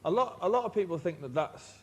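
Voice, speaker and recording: A man's voice: high voice, lively intonation, fast. A man, a guest in an interview, telling wry, rambling anecdotes with stumbling restarts. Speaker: band member guest.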